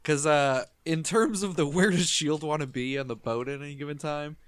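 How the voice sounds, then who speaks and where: A man playing in a tabletop game, animated and jokey, laughing a lot as he describes his character's moves. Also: on the high side, moderate pace, clean tone, dry recording. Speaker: player. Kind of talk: casual tabletop play.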